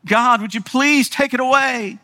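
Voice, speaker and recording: A preacher acting out a desperate pleading apostle. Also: male voice, very high-pitched, moderate pace, sharp tone, pitched above the performer's own voice. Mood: begging. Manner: pleading, strained, exasperated. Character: pleading, frustrated apostle begging God.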